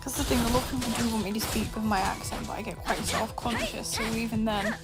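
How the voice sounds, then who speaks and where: Loud music plays under a fast, fairly high female voice in a rough recording. The streamer, originally from Scotland, chats through her game with plenty of fillers, carefully over-pronouncing to keep her faint accent mostly concealed.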